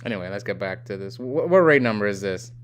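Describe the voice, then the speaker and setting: A man's voice: lowish voice, lively intonation, fast, a little hiss or hum. A young man from the United States hosting a live game stream, chatting casually and reading viewer comments aloud in a rambling way. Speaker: livestream host.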